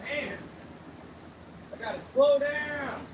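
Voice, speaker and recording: A man's voice: very high voice, slow. A man hosting a plant-growing channel, thinking aloud and cursing at himself as he mixes nutrients in a grow room, in a casual talk-along style. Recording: dull lo-fi with faint background noise.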